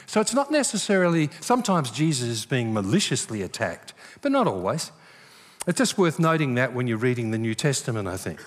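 A man's voice: medium pitch, fairly quick. An older man preaching a sermon, telling stories and acting out the voices he quotes. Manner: animated storyteller, acts out quoted voices. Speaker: pastor. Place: church hall. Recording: long reverb of a large hall.

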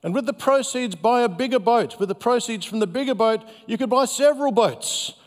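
A man voicing a brash, pushy male investment banker, pitched up above his own voice. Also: fairly quick. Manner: pushy, upbeat salesman pitch. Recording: long hall reverb.

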